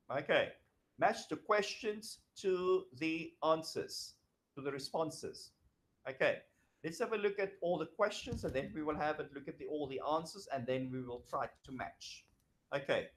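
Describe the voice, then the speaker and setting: A middle-aged man teaching a grammar lecture, explaining slowly and acting out example dialogues. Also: on the high side, a bit bright. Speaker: English teacher.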